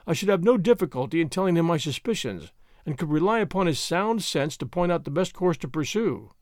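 A man narrating a first-person story in an expressive, measured way. His voice rides high and moves animatedly through each sentence. The sound is close and dry. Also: dry recording. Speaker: audiobook narrator.

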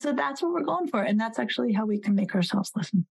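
A woman's voice: fairly high pitch, lively intonation, fast, vocal fry, husky, poor audio. A woman in her forties, a psychologist and author, talking as a guest in a podcast interview and animatedly telling stories, acting out the voices of the people she quotes.

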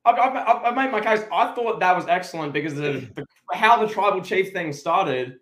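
A man's voice: sits high, lively intonation, moderate pace, fairly bright tone, echoey room. A man co-hosting a podcast, giving opinionated, emphatic takes in casual chat about a wrestling show. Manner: opinionated, emphatic, many restarts. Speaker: podcast co-host.

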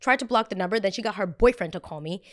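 A woman's voice: mid-range voice, quick pace, fairly bright tone, slight background noise. A woman hosting a show, chatting casually about pop culture in a blunt, gossipy and profane way, often going off on tangents. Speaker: host.

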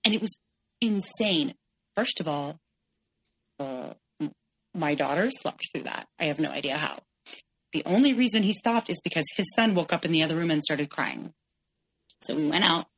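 Low-voiced woman in her forties recounting. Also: lively intonation, normal speed, long pauses, fairly bright tone, slightly rough, no echo, rough recording. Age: 40s. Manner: candid, tense retelling, quotes others in shifting voices. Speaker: guest. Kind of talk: personal story in an interview.

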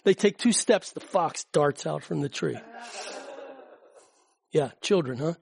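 A man's voice: on the high side, lively intonation, a little slow, gravelly, darkish tone. Chatty man giving a rambling talk. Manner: rambling, chatty, frequent fillers and restarts. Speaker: guest speaker. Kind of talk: informal public talk with slides.

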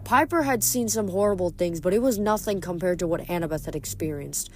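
Expressive woman reading a novel aloud. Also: on the low side, brisk. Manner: expressive, dramatic narration. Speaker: audiobook reader.

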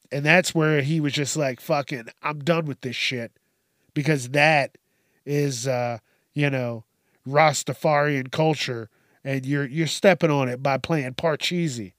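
A man's voice: on the high side, slow pace, no room sound, studio quality. A man hosting a casual news commentary show, swearing constantly and laughing at his own stories.

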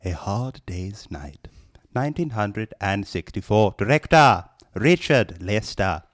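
A man putting on a stuffy British voice with a fake British accent to read out slowly and grandly. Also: fairly low pitch, sing-song, dry recording, studio quality. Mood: pompous. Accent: put-on British.

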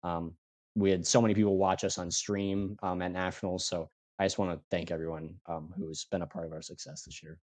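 A young team captain chats on a podcast in a very low voice, feeling his way with frequent ums. The sound is dry and close. He is earnest and a little halting. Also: little pitch movement, darkish tone, no echo. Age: young adult. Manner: hesitant, filler-heavy, earnest. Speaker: guest, student team captain. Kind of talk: casual podcast interview.

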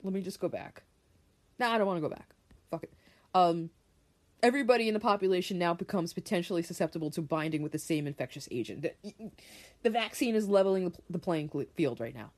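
A woman's voice: lowish voice, quick pace, a little mellow. A woman hosting a solo podcast, ranting in a heated, profane way and repeating her points for emphasis while she reads an article aloud and comments on it. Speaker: podcast host.

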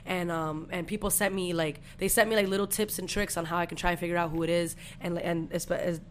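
A woman's voice: fairly low pitch, fast talker, a little hiss or hum. Woman telling a story, lots of swearing. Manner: profane, animated storytelling. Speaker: podcast host. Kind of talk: casual storytelling chat.

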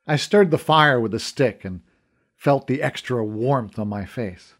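A man narrating a novel for a podcast. His pitch rises and falls in an animated way, and the reading is clear and steady. He tells the story in a warm-paced, attentive first-person voice. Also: a little slow. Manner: storytelling, with lively, expressive pitch. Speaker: author and narrator. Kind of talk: scripted audiobook narration.

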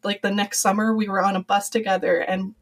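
Animated woman telling a heartfelt story. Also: mid-range voice, brisk, rough recording. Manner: animated storyteller, quoting others in lively voices. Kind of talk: casual chat.

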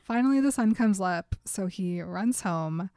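A woman's voice: medium pitch, lively intonation, darkish tone, dry recording, studio quality. Giggly woman retelling a story. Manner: giggly, acts out character lines in quick voices. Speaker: podcast co-host retelling a book. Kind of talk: casual chat, animated retelling.

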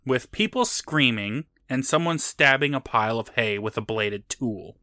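A man's voice: medium pitch, expressive, a little slow, pushed and bright, no room sound, studio quality. A man co-hosting a podcast, recapping a TV episode in casual, joking chat with some swearing. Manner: swearing, laughing, retelling scenes. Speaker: podcast co-host.

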